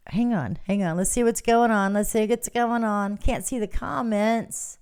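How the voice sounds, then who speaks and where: A woman's voice: mid-range voice, normal speed, hardly any pauses, smooth. A woman hosting a casual morning livestream, telling a story to her viewers and laughing often as she talks. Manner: chatty and animated, laughs often, reads out viewer comments. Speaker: livestream host. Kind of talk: casual storytelling to a live audience.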